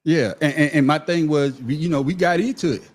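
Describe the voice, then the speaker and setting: A middle-aged man holds forth on a podcast panel, telling a story in casual chat. He is profane and emphatic, with a voice pitched a little high, and he often repeats his first words before the point comes out. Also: a little fast.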